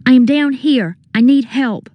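A woman reading aloud, voicing a terrified young girl trapped in a pit who cries out for help in high, pleading shouts. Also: a little slow, lo-fi sound. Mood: desperate.

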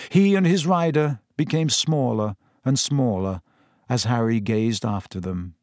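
A man narrating a story in measured, scripted storytelling. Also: medium pitch, no room sound, studio quality. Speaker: audiobook narrator.

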